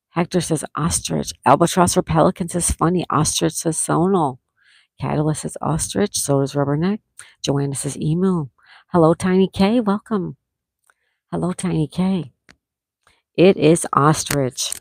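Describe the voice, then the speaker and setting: A woman hosting a live-stream trivia game, reading viewers' answers aloud and repeating each question slowly. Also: deep voice, creaky, darkish tone, no echo. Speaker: trivia host.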